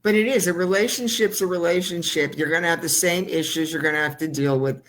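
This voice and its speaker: A woman's voice: fairly low pitch, quick pace. Blunt, opinionated woman talk show host. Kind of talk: casual interview chat.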